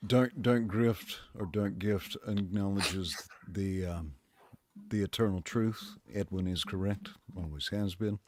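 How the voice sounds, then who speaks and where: A man's voice: deep voice, measured pace, a little mellow. A man co-hosting a casual podcast, making dry, wry remarks and reading out comments from the chat. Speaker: podcast co-host.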